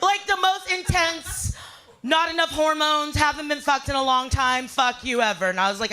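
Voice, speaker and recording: A woman doing a stand-up comedy set, brash and profane, telling a story with loud voiced asides. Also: sits high, moderate pace, slight background noise. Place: live fundraiser show.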